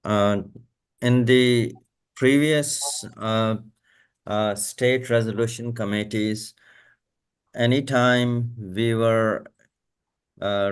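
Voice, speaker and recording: A man speaking up at a committee meeting, with many pauses and fillers. His delivery is very slow, and his low voice comes through smooth and resonant. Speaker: committee member. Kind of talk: meeting remarks.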